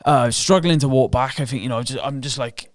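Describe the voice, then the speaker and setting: A male professional MMA fighter guesting on a podcast tells a fight story in candid, casual interview style, cursing freely and slipping into quoted inner thoughts. He talks fairly quickly in a mid-pitched voice. The recording is close and dry, with no echo or room sound.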